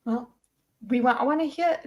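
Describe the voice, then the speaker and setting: A woman co-hosting a casual book discussion, excited and laughing while she thinks aloud. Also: high voice, moderate pace. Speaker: book club co-host.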